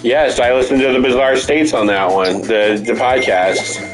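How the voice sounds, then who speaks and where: A man's voice: mid-range voice, fairly even intonation, normal speed, over music, rough recording. A man hosting a game stream, chatting casually and joking at his own expense. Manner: jokey, self-mocking. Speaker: stream host. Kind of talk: casual chat while playing a party game.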